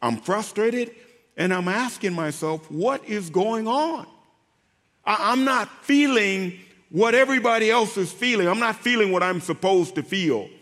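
Halting, heartfelt man, reverberant hall. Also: high voice, animated, fairly bright tone. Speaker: guest, former pro football player. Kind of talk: emotional faith testimony.

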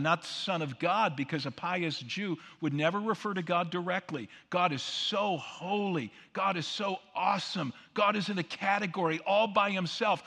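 A pastor preaching in a church sanctuary, his bright, forceful voice carrying a long reverb from the big room. He is emphatic and leans on rhetorical questions, calling the congregation to repeat lines after him. His pitch sits a bit high for a man. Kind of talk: sermon.

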